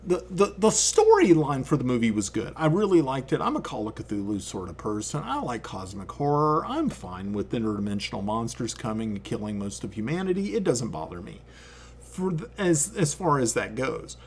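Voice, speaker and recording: A man hosting a casual chat stream, telling a story with lively energy and frequent swearing. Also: medium pitch, moderate pace, a little hiss or hum. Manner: animated storytelling, swears freely. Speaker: stream host.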